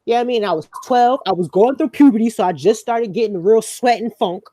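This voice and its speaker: A young woman spins a story on a podcast, loose and profane, and she jumps into the voices of the people she quotes. Her tone is mellow and warm, and the recording is close and dry with no room sound. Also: a little high, fast, dry recording. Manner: animated, profane, acts out quoted lines. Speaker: podcast co-host. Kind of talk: casual storytelling chat.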